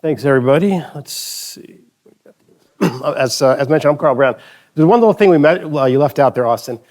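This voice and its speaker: A man's voice: on the high side, normal speed, darkish tone. A man presenting a conference talk on stage, telling anecdotes in a casual, joking way with frequent restarts. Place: stage in front of an audience.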